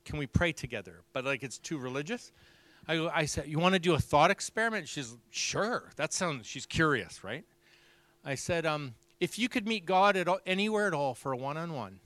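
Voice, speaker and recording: A man preaching, telling a story with lively acted-out dialogue. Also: fairly high pitch, no room sound. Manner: animated storyteller, acts out dialogue. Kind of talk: sermon storytelling.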